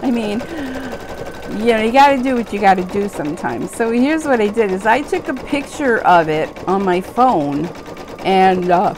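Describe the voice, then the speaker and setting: A woman's voice: mid-range voice, lively intonation, normal speed, background noise. A tired woman hosting an embroidery vlog, chatting in a rambling, self-deprecating way with lots of fillers while she works. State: tired, yawning. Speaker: embroidery channel host. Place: home sewing room, sewing machine running.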